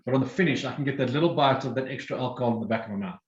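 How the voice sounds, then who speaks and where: A man's voice: mid-range voice, racing, reverberant, lo-fi sound. Man guiding a whiskey tasting. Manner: informative, explains step by step. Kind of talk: guided tasting talk.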